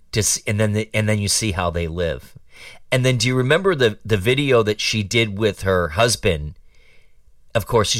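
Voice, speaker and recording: A man's voice: on the low side, a bit bright, no echo, studio quality, distant mic. A man hosting a talk show and giving opinionated political commentary in a sarcastic, mocking, rambling way.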